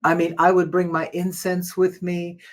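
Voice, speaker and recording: An older woman with an opera career behind her tells stories in a casual interview. Expressive and laughing often, she moves dramatically between high and low and between loud and soft.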